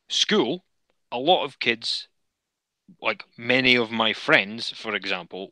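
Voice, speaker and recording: A man sounding off in a casual podcast chat, opinionated and quick to swear. His low voice has a very bright, sharp edge, and the recording is close and dry with no room sound. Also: no room sound, poor audio.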